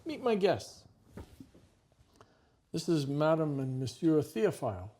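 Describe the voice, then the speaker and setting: A man putting on a coaxing, high-voiced French matron. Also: very animated, slow, mellow, exaggerated voice. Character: kindly middle-aged French woman sheltering a boy.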